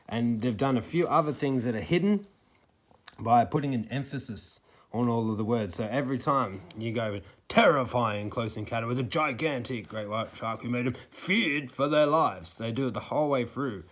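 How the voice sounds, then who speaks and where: Indignant man critiquing news coverage. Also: medium pitch. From Australia. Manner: indignant, with mocking quoted soundbites. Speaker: snake catcher giving commentary. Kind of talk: critical commentary to camera.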